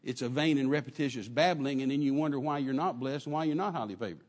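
A man preaching a sermon in an animated way, acting out quotes and dropping at times to a soft murmur. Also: medium pitch, fast talker, hardly any pauses, in a large hall. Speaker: pastor.

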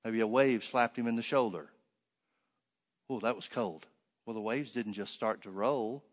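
A man preaching a sermon, reading scripture aloud and then explaining it with rhetorical questions, swinging between loud emphatic stresses and hushed asides. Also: medium pitch, normal speed.

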